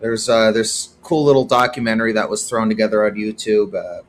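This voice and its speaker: Guy doing his own podcast, opinionated solo talk, gets worked up then goes quiet and serious. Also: fairly low pitch, fairly even intonation, fairly quick, a little hiss or hum. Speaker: podcast host.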